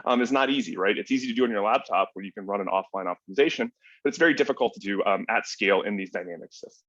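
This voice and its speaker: Male academic, rapid and casual, lower voice, muffled call audio. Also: a bit bright. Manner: quick, casual academic explaining. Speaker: panelist and researcher. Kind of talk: online panel talk. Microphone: video call. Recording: dull lo-fi video call audio.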